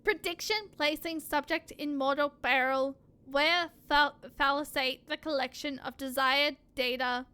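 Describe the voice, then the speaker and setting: A woman voicing a cold, calculating combat machine in a flat robotic monotone, reading game dialogue aloud. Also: high voice, unhurried, hardly any pauses. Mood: menacing.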